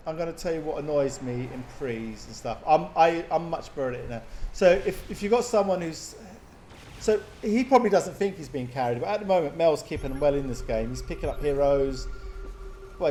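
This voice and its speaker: A man giving chatty, excitable live commentary on a strategy game match, often laughing. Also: on the high side. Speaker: game caster.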